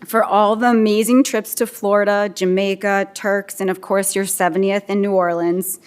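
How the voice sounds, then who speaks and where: A woman's voice: mid-range voice, level tone, normal speed, clean tone. A woman in her forties reads a eulogy as a daughter-in-law. Her tone is fond and reflective as she speaks. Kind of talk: read eulogy.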